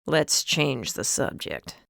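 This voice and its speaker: A woman voicing a middle-aged father in an audiobook, speaking low, slow and guarded. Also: sing-song, creaky, a bit bright, no echo, clean studio sound, heavily acted. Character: middle-aged father, gruff but caring.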